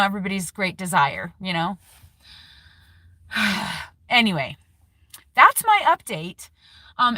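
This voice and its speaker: A woman's voice: fairly high pitch, pushed and bright, no room sound. A woman giving a rambling, emotional vlog update from a parked car, laughing often. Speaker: keto YouTuber.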